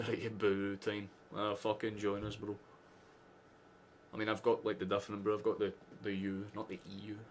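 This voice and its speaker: A man's voice: lowish voice, completely flat delivery, normal speed, slight background noise. Sweary Scottish man in a casual football watchalong. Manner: chatty, sarcastic, swears freely. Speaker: streamer hosting a football watchalong. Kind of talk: casual live match chat.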